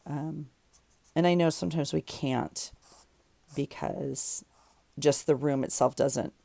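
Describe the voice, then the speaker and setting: Deep, gravelly woman chatting while crafting. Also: steady tone, slow, dark tone, dry recording. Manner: rambling, thinks aloud while working. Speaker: journaling vlogger. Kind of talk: casual chat while crafting. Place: home craft room.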